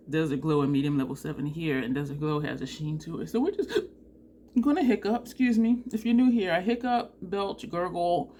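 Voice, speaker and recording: Chatty makeup vlogger, a woman with a lower voice, animated, quick to laugh. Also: slight background noise. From New Jersey. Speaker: beauty vlogger. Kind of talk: casual makeup tutorial chat.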